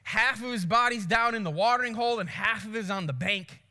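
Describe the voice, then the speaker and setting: A male pastor telling a story in a sermon, animated, acting out voices and sounds. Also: high-pitched, fast talker, big-room sound.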